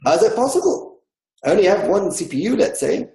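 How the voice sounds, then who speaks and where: A man's voice: high voice, sing-song, fairly quick, vocal fry, mellow, echoey room, low-quality recording. A man teaching a discussion class, explaining with everyday examples and acting out inner dialogue.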